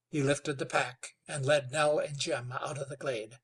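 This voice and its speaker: Slow, husky male narrator. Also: medium pitch, steady tone. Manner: slow, measured reading. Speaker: audiobook narrator. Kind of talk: scripted narration.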